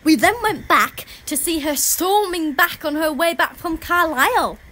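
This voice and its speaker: A woman's voice: very high-pitched, unhurried, pushed and bright. An Englishwoman chatting outdoors in the countryside, giggly and disbelieving, often repeating herself. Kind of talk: casual chat.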